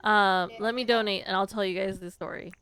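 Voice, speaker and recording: A woman's voice: medium pitch, steady tone, a little fast, fairly bright tone. A young woman streamer chatting casually with her live chat, telling a story and giggling often. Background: faint background music.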